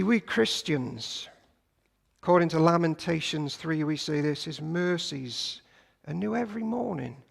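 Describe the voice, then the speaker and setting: A man preaches in a high, heavily gravelly voice, moving from loud to hushed as he tells a story. His sermon rings with the long reverb of a church hall.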